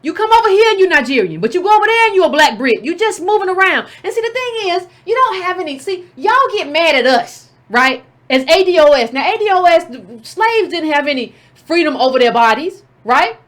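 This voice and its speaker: A woman's voice: extremely high pitch, big pitch swings, fairly quick, a bit bright. A woman hosting a commentary show, scolding and combative, often repeating herself. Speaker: political commentator and show host. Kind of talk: casual direct-to-camera commentary.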